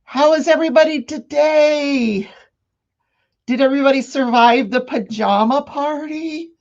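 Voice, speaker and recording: A woman hosting a casual live morning crafting show, chatting excitedly and greeting her viewers by name. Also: high voice, measured pace, lo-fi sound. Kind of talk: casual live-stream chat.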